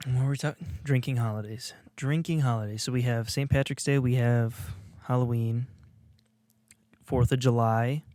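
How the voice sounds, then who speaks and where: A man's voice: medium pitch, little pitch movement, moderate pace, darkish tone, dry recording. A man co-hosting a casual podcast, rambling through his thoughts with lots of fillers and restarts. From Illinois, USA. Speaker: podcast co-host. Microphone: video podcast studio mic.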